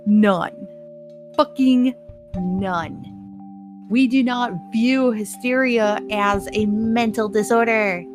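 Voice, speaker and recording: A woman's voice: on the high side, fairly even intonation, slow, soft background music. A woman hosting a solo podcast, ranting bluntly with heavy swearing and laughing at her own points. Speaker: podcast host. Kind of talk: casual solo podcast rant.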